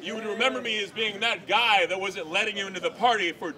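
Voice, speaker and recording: A man telling a rambling personal story to a live audience, acting out quotes and yelling. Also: sits high, fast talker. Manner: rambling, animated, acts out quotes and yells.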